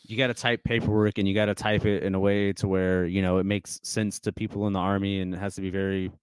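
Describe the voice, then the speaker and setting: A young man with a low, smooth, resonant voice, recorded close and dry. He tells stories as a podcast guest in loose, casual talk, heavy on fillers and false starts and often laughing. The delivery is conversational and never polished. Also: flat delivery, fast, no room sound. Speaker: guest musician.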